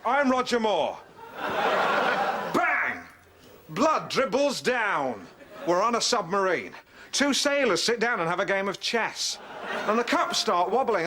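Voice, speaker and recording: An actor playing a pompous, excitable male TV presenter in a sitcom scene, blustering as he acts out stories and sings along. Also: high voice, slight background noise, full character voice.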